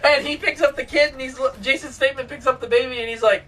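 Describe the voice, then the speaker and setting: Bright excited woman reviewing a movie. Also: sits high, fast, far from the mic, faint music behind, low-quality recording. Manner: excited, profane retelling with sound effects and laughter.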